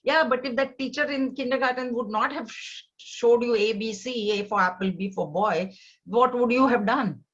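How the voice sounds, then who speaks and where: Earnest woman teaching scripture, muffled. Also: normal speed. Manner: earnest, repetitive, with many restarts; lively, rising pitch when stressing points. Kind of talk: spiritual lesson on scripture.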